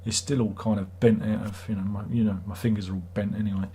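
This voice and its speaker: A man's voice: lowish voice, level tone, fast talker, mellow, slight background noise. A middle-aged British man hosting a livestream, chatting in a rambling, wry, self-mocking way. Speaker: livestream host. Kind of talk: casual livestream chat.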